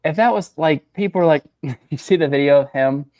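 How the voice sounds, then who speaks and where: On a sports podcast, one co-host with a fairly high voice tells stories in a casual chat, captured in a dry recording. He laughs quickly and acts out the quotes in his animated tales.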